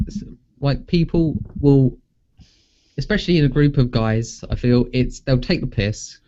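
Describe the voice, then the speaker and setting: A man's voice: mid-range voice, measured pace, warm tone. A young man, co-hosting a podcast in casual chat, teasing his friend and laughing often. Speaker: podcast co-host. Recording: dull lo-fi sound.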